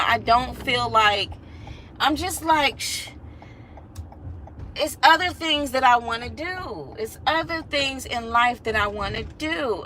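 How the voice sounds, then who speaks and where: A woman in her thirties chatting casually to her viewers, animated and laughing often as she acts out what people said. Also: a little high, a little hiss or hum. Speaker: vlogger. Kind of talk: casual storytelling chat.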